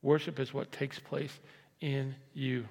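A man preaching a conversational sermon as pastor, moving from quiet asides to loud, emphatic repeated lines. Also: medium pitch, level tone, slow pace, vocal fry. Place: large church hall. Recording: long reverb of a church hall.

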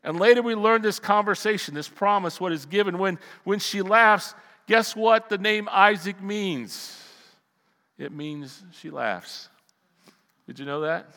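A middle-aged male preacher with a high, bright, forceful voice delivers a sermon as a lively personal story. He jumps from loud, heated bursts to hushed asides. The sound carries a long reverb from a church hall. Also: a little slow. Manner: animated storytelling, swings from loud outbursts to quiet asides. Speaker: pastor.

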